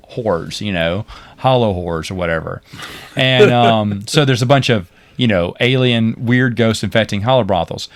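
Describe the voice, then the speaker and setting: A man co-hosting a podcast, retelling TV episodes in a rambling, animated way with laughs. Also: on the low side, no echo. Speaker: podcast co-host. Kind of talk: casual chat recapping a TV series.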